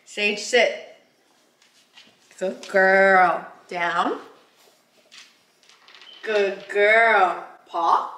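A woman's voice: mid-range voice, fairly even intonation, drawn-out words, long pauses, sharp tone, echoey room. Chatty woman vlogging to her puppy. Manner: chatty, coos and gives commands to her puppy. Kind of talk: casual vlog chat. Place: home kitchen.

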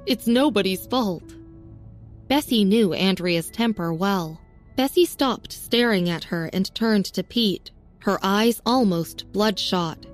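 A woman reading a serialized story as narrator, with a steady, even storytelling manner. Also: medium pitch, slow. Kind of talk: scripted audiobook narration. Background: faint music.

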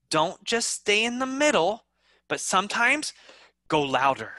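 A bright, forceful-sounding English teacher talks over a video call with a very lively, swooping pitch. The delivery is unhurried and the sound is dry and close, with each point acted out expressively. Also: no room sound. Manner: animated, demonstrates expressively with pitch and loudness. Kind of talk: online class instruction.

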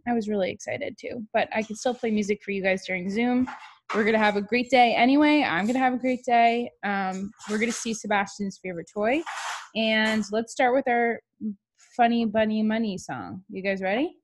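A woman's voice: fairly high pitch, moderate pace. A young woman teaching a video class to young children, cheerful and encouraging, singing along and spelling words.

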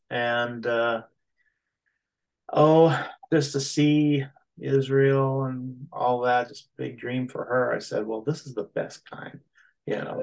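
A man's voice: medium pitch, gravelly. A man on a video call chatting casually as a trip participant, a rambling storyteller who laughs easily. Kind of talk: casual chat.

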